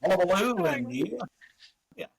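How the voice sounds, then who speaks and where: A man, a podcast guest, telling a self-deprecating story in an animated, casual way over a video call. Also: high voice, normal speed, crowd noise, low-quality recording. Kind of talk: casual chat.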